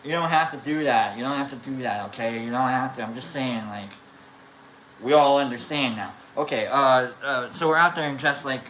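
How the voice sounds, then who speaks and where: A woman on a livestream casually telling a rambling, animated story, full of restarts and fillers. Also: a bass voice, moderate pace, a little hiss or hum. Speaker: live streamer. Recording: echoey room.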